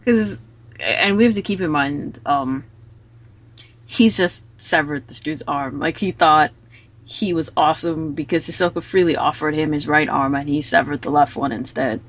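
A woman hosting a casual podcast, retelling scenes quickly and with animation. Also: deep voice. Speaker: podcast host.

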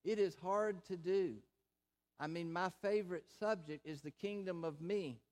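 A pastor delivering a sermon in a slow, deliberate way, with emphatic repetition. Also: male voice, high-pitched, a little mellow.

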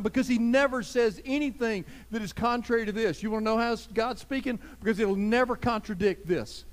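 A man preaching a sermon as pastor, talking straight to his listeners, swinging from loud emphasis to soft, hushed lines. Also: high-pitched, steady tone, moderate pace, few pauses. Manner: conversational, addresses listeners directly.

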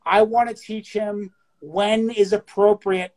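A man's voice: sits high, fairly even intonation, slow, darkish tone. A man in his thirties co-hosting a casual chat, speaking earnestly and steadily with occasional swearing. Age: 30s. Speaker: co-host of a poetry show.

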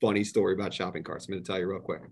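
A man, a podcast guest, telling stories in a casual and animated way. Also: low-pitched, very fast, husky. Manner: animated, retells heated exchanges. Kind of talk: casual storytelling.

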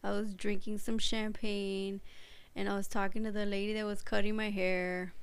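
A woman's voice: medium pitch, level tone, moderate pace, clear, resonant tone. A woman co-hosting a podcast, chatting casually with many fillers. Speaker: podcast co-host. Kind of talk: casual chat.

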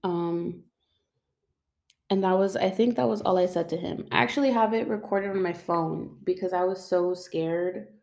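A young woman with a slightly low voice tells her own story off the cuff. She rambles, leans on "like" and "um", and swears casually as she goes. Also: normal speed, darkish tone. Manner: rambling, filler-heavy, swears freely.

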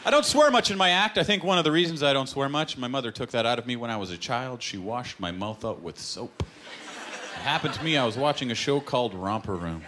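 Canadian guy doing stand-up live, lively up-and-down voice, noisy club. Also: medium pitch, fairly quick. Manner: punchy joke delivery with acted-out voices. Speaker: stand-up comedian. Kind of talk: stand-up set before a live audience. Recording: live club recording, loud crowd and noise. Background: audience laughter.

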